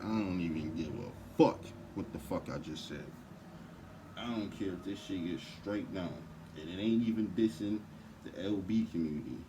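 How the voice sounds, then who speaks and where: A man's voice: low voice, moderate pace, noisy background. A man on a heated, profane, rambling rant to camera.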